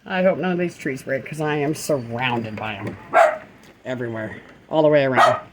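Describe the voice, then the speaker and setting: A woman's voice: extremely low pitch, moderate pace. A woman, vlogging casually from her RV during a storm and soothing her pets as gusts hit. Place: in an RV during a windstorm. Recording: wind and rain noise behind.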